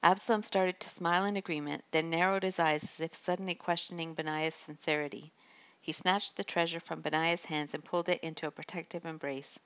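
A woman narrating an audiobook in an even, measured storytelling manner. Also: sits low, clean tone, muffled recording. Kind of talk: scripted narration of a historical novel.

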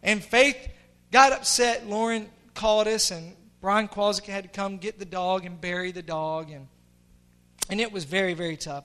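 Middle-aged pastor guy preaching, really high voice, gets quiet then yells, all fired up. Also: steady tone, normal speed, clear, resonant tone. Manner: impassioned, swinging from hushed to shouting. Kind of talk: sermon.

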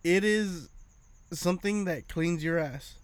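A man with a slightly higher voice than most, telling a story with lots of swearing. He acts out each person's lines as he goes, in a loose, casual chat. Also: slow pace, dry recording. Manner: profane animated storytelling.

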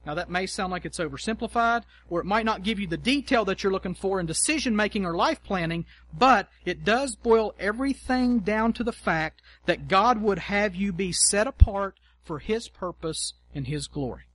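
A man with a high voice delivers a sermon from the pulpit. He talks conversationally, acting out quoted prayers and hammering his points home by repetition. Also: expressive, moderate pace, hardly any pauses, fairly bright tone. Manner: conversational preaching with mock quotes and emphatic repetition. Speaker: pastor.

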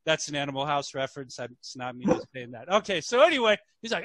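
A man's voice: on the high side, fast, hardly any pauses, dry recording. A man on a casual podcast telling a long story, acting out the people in it with changing voices. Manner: animated, acts out characters in voices. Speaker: podcast co-host.

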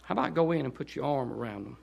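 A man with a Southern accent preaching a guest sermon in a church, dropping to quiet asides and then rising into loud, pleading exhortation. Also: animated, racing, gravelly. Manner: swings from low conversational asides to high shouted pleading. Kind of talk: Baptist sermon. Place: church sanctuary.

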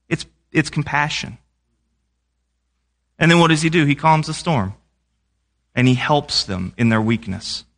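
A man's voice: fairly high pitch, expressive, moderate pace, pauses often, bright, forceful tone. A young man preaching a sermon in a conversational way, often asking the congregation questions.

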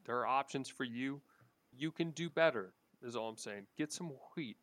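A man's voice: mid-range voice, moderate pace, fairly bright tone. A man in a casual group chat speaking in a playful way, with a mock-preachy tone.

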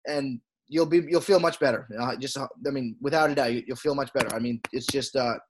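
A man co-hosting a podcast, talking in a halting way with frequent "uh" and "I mean". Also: mid-range voice, noisy background. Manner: halting, with many "uh" and "I mean" restarts. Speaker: podcast co-host. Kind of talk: casual podcast chat.

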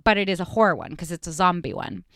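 A woman co-hosting a casual podcast chat, telling a story with lively acted-out voices. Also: lowish voice, fast talker, creaky. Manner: animated storyteller, acts out screaming voices. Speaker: podcast co-host.

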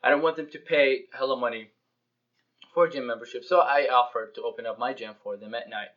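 A young man co-hosting a casual podcast, telling lively stories and acting out dialogue with plenty of swearing. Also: medium pitch, a little fast. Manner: animated storyteller, acts out dialogue, swears freely. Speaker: podcast co-host. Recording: dull lo-fi podcast audio.

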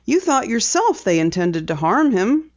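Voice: medium pitch, very animated, measured pace, pitched above the performer's own voice. A reader voicing a spirited teenage girl in a storybook reading, speaking eagerly and insistently. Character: plucky teenage girl sleuth. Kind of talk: audiobook character reading. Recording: dull lo-fi recording.

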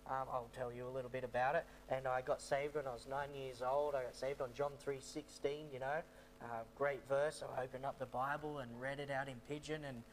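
A man's voice: medium pitch, little pitch movement, a little fast, a little hiss or hum. Rambling man telling a story. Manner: rambling, repeats himself, many fillers. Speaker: missionary. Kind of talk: storytelling testimony talk.

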